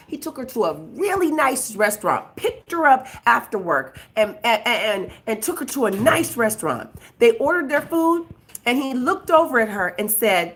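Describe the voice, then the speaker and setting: A woman prophetess giving lively, joking relationship advice in a preaching style. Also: a little high. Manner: animated, laughing, quick to joke. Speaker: prophetess and co-host.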